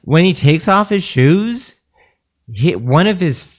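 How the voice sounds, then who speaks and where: A man in a mid-pitched voice with a lively, swinging intonation tells stories in relaxed podcast banter. He speaks earnestly and keeps pressing his point. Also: slow. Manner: earnest anecdotal storyteller. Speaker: podcast co-host. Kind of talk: casual podcast chat.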